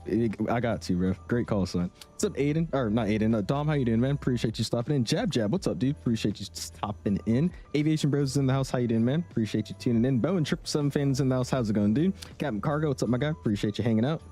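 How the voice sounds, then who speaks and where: A man's voice: medium pitch, fast talker, hardly any pauses, dark tone, faint music behind. A young man streaming a flight sim, chatting casually and greeting viewers by name. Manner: laid-back, greets chat by name. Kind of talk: casual live-stream chat.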